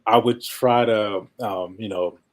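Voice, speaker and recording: A man with a nasal voice, a guest in a casual interview, talking quickly, now and then mumbling and breaking into laughter. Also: on the low side, fairly even intonation. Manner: fast-talking, sometimes mumbles, laughs often. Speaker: podcast guest.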